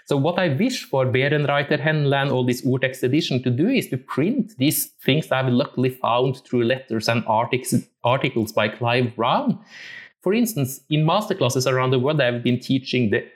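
A man's voice: medium pitch, moderate pace. Thoughtful music teacher, man. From Norway. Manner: thoughtful, searching for words. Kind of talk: reflective talk on musical interpretation.

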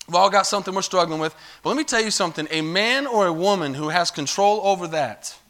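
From the church sanctuary, a pastor whose voice sits high and has a fairly bright tone preaches quickly. He tells a story loosely, as if chatting, and calls for amens.

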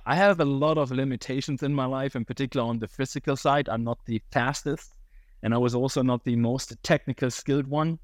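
A man in his thirties with a German accent and a touch of Cork Irish, speaking as a podcast guest in a relaxed, reflective way with slightly non-native phrasing. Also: mid-range voice, a little fast, no room sound, studio quality. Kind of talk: casual interview talk.

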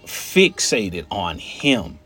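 A man recounts a personal story in a low, husky voice. He speaks animatedly and keeps checking in with his listeners. Soft music plays faintly under him. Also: very slow. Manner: animated, addresses listeners, frequent "like" and "right?".

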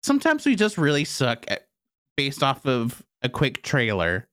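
A man's voice: medium pitch, wildly swooping pitch, measured pace, fairly bright tone, no room sound, studio quality. A man hosting a casual podcast in an easygoing way, often repeating a word as he starts a thought. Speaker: podcast host.

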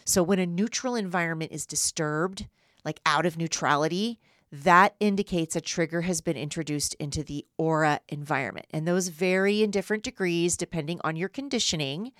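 A woman's voice: fairly low pitch, brisk, fairly bright tone, dry recording, studio quality. A woman hosting a solo podcast, explaining in an earnest teaching way and often checking in with "right?". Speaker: podcast host and human design coach.

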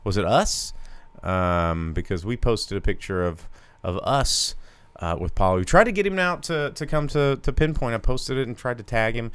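A man's voice: mid-range voice, normal speed, fairly bright tone, smooth, no room sound. A man co-hosting a live show, chatting casually and joking around. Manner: jokey, puts on mock voices. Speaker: podcast co-host. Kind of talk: casual chat.

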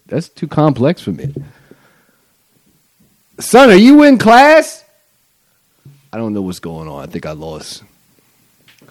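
A man's voice: fairly low pitch, warm tone, no room sound. A man hosting his own podcast, talking in a loose, rambling and profane comedic monologue. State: high on mushrooms. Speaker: podcast host.

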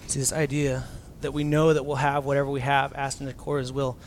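A man preaching a casual, animated sermon as a pastor, swinging from loud emphasis down to near-whispers and acting out quotes. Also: medium pitch, quick pace, a little hiss or hum.

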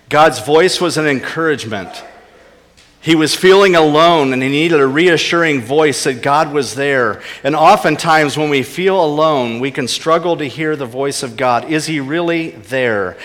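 A man preaching a sermon with earnest emphasis, his voice rising on key points and dropping to soft, low asides. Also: normal speed, in a large hall. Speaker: pastor.

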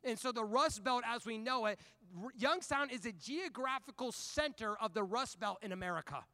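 A male pastor with a very high, bright, forceful voice, preaching in a lively and conversational way. He tells stories as he preaches and moves easily into scripture. The sound is close and dry. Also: normal speed, no echo. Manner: animated, conversational storyteller. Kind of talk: sermon with personal storytelling.

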